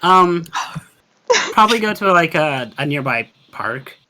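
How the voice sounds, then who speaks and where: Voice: medium pitch, lively intonation, a little slow, background noise. A tabletop game player talking casually, hesitant and giggly, trailing off and restarting often.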